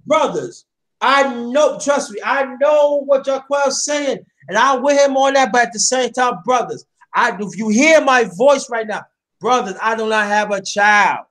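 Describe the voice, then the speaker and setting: Very high-voiced impassioned male host. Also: measured pace, fairly bright tone. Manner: preachy, repeats himself, addresses listeners directly. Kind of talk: impassioned casual chat.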